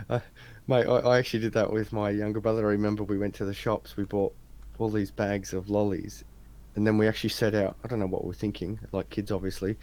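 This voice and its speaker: A man's voice: on the low side, little pitch movement, brisk, darkish tone. An Australian man interviewing a guest, telling anecdotes in a chatty, slangy way. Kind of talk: casual chat.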